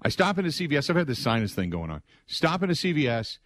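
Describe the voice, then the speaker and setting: A middle-aged male sports radio host, telling a long rambling story full of asides in an excitable way. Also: a little high, fast, no room sound. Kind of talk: animated storytelling monologue.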